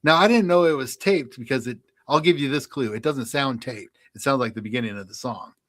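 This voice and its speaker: A man co-hosting a radio show, chatting casually and running a quiz, animated and laughing as he tells stories. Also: medium pitch, brisk, dry recording.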